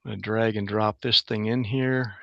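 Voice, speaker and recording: A man giving a relaxed, plain-spoken webinar presentation as a guest engineer over a video call. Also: lowish voice, moderate pace, gravelly, dry recording, highs cut off. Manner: plain, relaxed, narrates his screen sharing. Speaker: guest speaker, utility engineer.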